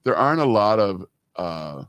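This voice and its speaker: A man in his fifties co-hosts a relaxed talk show and tells stories at length, sprinkling in "you know" as he goes. His voice sits very low, and the recording is dry and close, with no room sound. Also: normal speed, clear, resonant tone, dry recording, dull audio. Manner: chatty storyteller, many "you know" fillers. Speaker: co-host. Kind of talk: casual radio-style chat.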